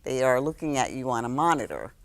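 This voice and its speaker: A woman in her sixties from New York City, a guest telling stories in a relaxed interview, reflective, with many fillers and restarts. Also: extremely low pitch, fairly quick. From New York City, South Bronx. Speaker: guest, actress.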